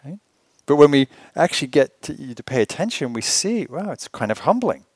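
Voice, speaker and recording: A man's voice: fairly high pitch, big pitch swings, moderate pace, husky, dry recording. Man giving a conversational meditation talk. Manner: conversational, rhetorical questions, gently humorous. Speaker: meditation teacher. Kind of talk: retreat dharma talk. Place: meditation retreat hall.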